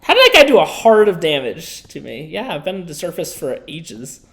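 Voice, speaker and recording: A woman's voice: on the low side, very animated, moderate pace, a bit bright. A woman chatting casually with friends while playing a game, laughing and joking, stammering when flustered. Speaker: gamer. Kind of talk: casual chat while gaming.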